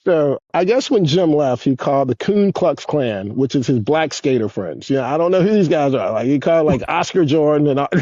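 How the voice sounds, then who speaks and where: A man in his fifties tells rambling, foul-mouthed stories, his voice jumping up and down with animated energy. His tone is husky and mellow. The dry sound is slightly dull and lo-fi. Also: a little high, normal speed, dry recording. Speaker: guest, former pro skateboarder. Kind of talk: casual storytelling.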